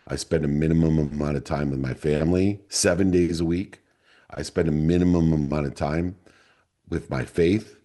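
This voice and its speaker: A middle-aged man leading a men's mastermind group, telling a motivational story in an earnest, deliberate way that lingers on key words. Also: rumbling low, dark tone.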